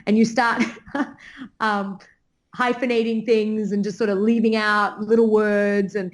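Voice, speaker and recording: A woman's voice: medium pitch, little pitch movement, a little slow. A young adult woman from Australia with a partly Americanized Australian accent, chatting as a podcast guest and laughing often. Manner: giggly, laughs often between phrases. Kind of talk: casual chat.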